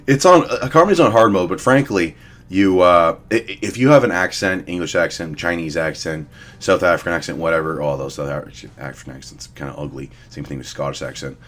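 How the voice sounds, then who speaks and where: Deep-voiced blunt young man. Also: a little fast, fairly bright tone. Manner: blunt, profane, rambling with restarts. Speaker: fitness vlogger. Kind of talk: casual commentary ranking influencers.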